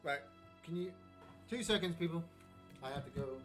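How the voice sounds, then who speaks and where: A man's voice: a little high, expressive, normal speed, faint music behind. A man streaming a video game live, chatting casually and thinking aloud about his next move. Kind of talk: casual live gameplay commentary.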